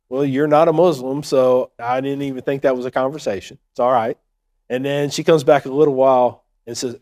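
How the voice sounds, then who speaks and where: A man's voice: mid-range voice, steady tone, brisk, a little mellow. A man telling a funny personal story in a chatty, joking way, often checking in with his listeners. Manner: joking, chatty, keeps saying right. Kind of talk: storytelling talk.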